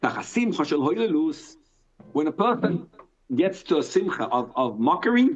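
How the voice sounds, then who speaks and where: A man, a rabbi, teaching a live Torah class in an animated way, asking and answering his own questions and reading Hebrew text aloud. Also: a little high, fast talker. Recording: dull lo-fi sound.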